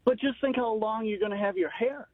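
A man's voice: high-pitched, fairly quick, dry recording. Wry male caller on a phone line. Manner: easygoing, wry and joking. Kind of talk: call-in talk radio.

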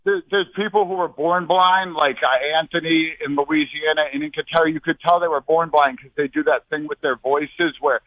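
A young man phoning in to a talk show, out of breath and rambling from one thing to the next. His voice is fairly high for a man, and the recording is dry and close. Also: steady tone, moderate pace, few pauses, no echo, narrow, tinny audio. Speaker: regular caller. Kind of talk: rambling phone-in call.

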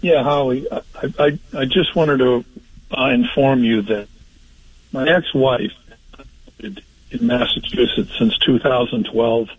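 A man calling in to a radio show, halting and chatty. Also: mid-range voice, breathy edge. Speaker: caller. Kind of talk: casual phone call. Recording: tinny phone line.

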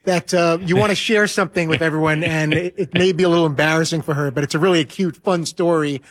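A male radio co-host asks questions quickly and in a rush. His voice sits a little high, and he talks very fast. The sound is dry. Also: steady tone, no echo. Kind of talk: casual talk radio chat.

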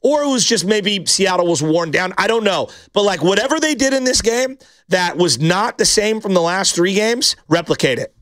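Man, high-pitched voice, sports talk host, rambling, passionate fan chatter. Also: expressive, normal speed, few pauses, a bit bright, no room sound. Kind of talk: sports talk show chat.

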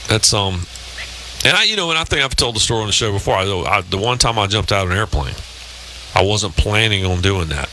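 A man's voice: fairly low pitch, lively intonation, brisk, pushed and bright, slight background noise, low-quality recording. A man in his fifties hosting a sports talk show, telling long rambling anecdotes in casual chat. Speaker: radio show host.

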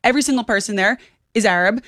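A woman's voice: mid-range voice, quick pace, a bit bright, no room sound, studio quality. A woman in her twenties, a guest on a talk radio interview, making emphatic, insistent points that she repeats for punch. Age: 20s. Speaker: political commentator guest.

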